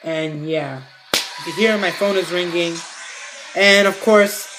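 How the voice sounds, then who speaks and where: A man's voice: high-pitched, slow, pushed and bright, faint music behind. Man, casual vlog storyteller, rambling, swearing, filler-heavy. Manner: rambling, profane, full of filler. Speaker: vlogger.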